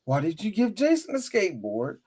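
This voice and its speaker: A man co-hosting a casual sports chat show, talking with animated, profane banter. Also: high-pitched, brisk. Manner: animated, profane, mock voices. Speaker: podcast co-host.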